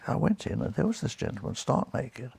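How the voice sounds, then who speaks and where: A very old British man with a deeply gravelly, husky voice, spinning yarns from his surgical career and slipping into the voices of the people in them. His tone is dark and mellow, recorded close in a dry room with no echo. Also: brisk. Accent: British English. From Britain. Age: 90s. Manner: lively raconteur, acts out quoted voices, chuckles. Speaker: retired surgeon, guest. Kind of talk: anecdotal storytelling in an interview.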